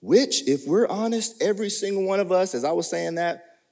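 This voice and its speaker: A man preaching a sermon as pastor, animated, with sudden jumps in pitch. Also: moderate pace, gravelly. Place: church sanctuary. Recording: long reverb of a church hall.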